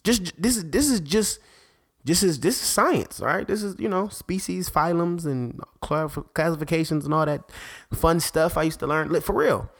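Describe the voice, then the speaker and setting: A man, a parent, hosting a faith podcast in an excitable, rambling monologue that keeps interrupting itself. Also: fairly high pitch, moderate pace, husky. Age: adult parent. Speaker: podcast host.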